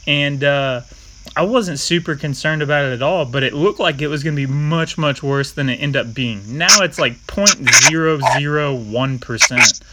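Young man, animated storyteller, fairly high voice, casual chat, hissy recording. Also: moderate pace. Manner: animated storyteller, swears freely.

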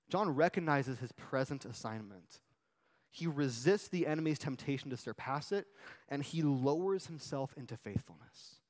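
A man preaching a sermon in an everyday, chatty way, swinging between lively asides and quiet, drawn-out quotations. His voice sits at a middling pitch. A long reverb hangs in the hall around him. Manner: conversational preaching, animated asides and dramatic quotes. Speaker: pastor.

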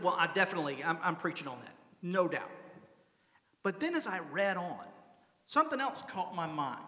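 A man's voice: high voice, pushed and bright. A middle-aged man, a pastor, preaching a sermon in a conversational way and often checking in with the congregation. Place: church sanctuary. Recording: echoey church hall.

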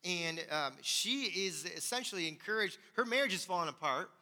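A pastor preaching in a church with a high, bright, forceful voice. He talks conversationally and with emphasis, tossing "right?" to the congregation, and a long reverb hangs in the hall. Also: lively intonation, moderate pace. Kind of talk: sermon. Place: church sanctuary.

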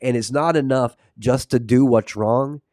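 A man's voice: medium pitch, unhurried, a little mellow, dry recording, studio quality. A man hosting a Christian podcast, reading scripture aloud and preaching in a casual, fervent way, with asides to his chat. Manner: earnest, reads verses aloud, drifts into asides to chat viewers; fillers and restarts, fervent and condemning tone.

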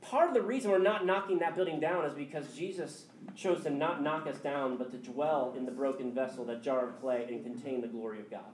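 High-voiced animated man preaching. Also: slight background noise. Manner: animated, conversational preaching with quick jokes. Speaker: pastor. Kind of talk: sermon. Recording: echoey hall with faint ambience.

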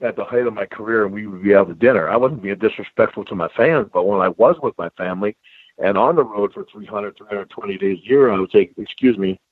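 An older man tells stories in a loose, animated way, sprinkling in bro and man. His voice comes through a thin, phone-like line with no room sound at all. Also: fairly low pitch, quick pace, no room sound. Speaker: guest. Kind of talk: casual storytelling chat. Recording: dry tinny phone-like line.

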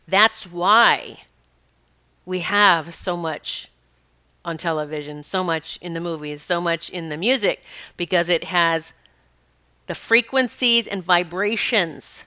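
A woman's voice: lowish voice, pushed and bright, clear, resonant tone, no room sound. A woman hosting a spiritual podcast, telling a story in a chatty way and laughing often. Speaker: podcast host. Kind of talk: casual spiritual podcast monologue.

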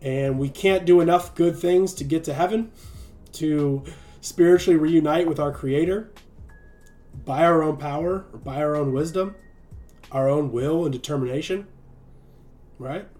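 A man's voice: on the high side, measured pace, long pauses, mellow, soft background music. A man giving an earnest sermon on a livestream and often checking in with the listener by asking "right?". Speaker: streaming preacher.

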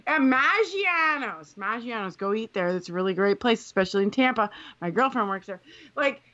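A woman co-hosting a casual chat, loud, excitable and quick to swear and laugh. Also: fairly high pitch, muffled recording. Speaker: podcast co-host.

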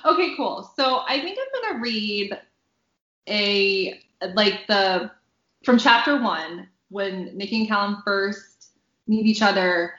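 Bright bubbly woman reading her own book, echoey lo-fi room. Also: mid-range voice, expressive, slow pace. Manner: bubbly, laughs often, reads with dry punchy delivery. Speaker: author. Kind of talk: reading her novel aloud on a podcast.

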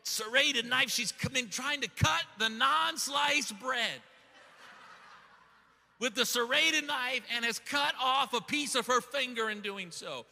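A middle-aged man preaching a sermon, telling a story with lots of excitement and stumbling repeats as he starts sentences. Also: very high voice, takes it slowly, vocal fry. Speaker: pastor. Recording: long hall reverb.

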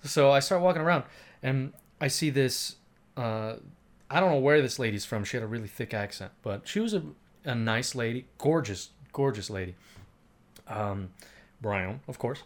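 A man chatting casually at a mid-range pitch, drifting through a long anecdote. He talks loosely, with frequent fillers and plenty of casual swearing. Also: expressive, normal speed. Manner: rambling storyteller, swears freely. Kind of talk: casual chat.

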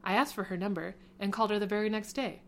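A woman's voice: mid-range voice, steady tone, fast talker. A woman hosting a podcast, casually reading fan fiction aloud and often laughing or stopping to comment.

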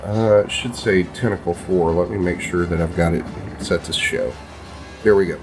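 A man narrating a tabletop game as game master, halting, with many ums and uhs. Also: low-pitched, music in the background.

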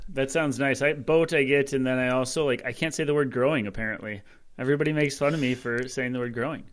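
A man's voice: mid-range voice, fast. Teasing male podcast co-host. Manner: teasing, joking banter. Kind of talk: casual podcast chat.

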